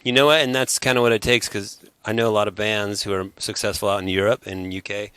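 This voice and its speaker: Bright, smooth-voiced teasing musician. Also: male voice, on the low side, fairly even intonation, fast, dry recording. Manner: teasing, laid-back. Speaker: rock band member. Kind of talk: relaxed backstage interview.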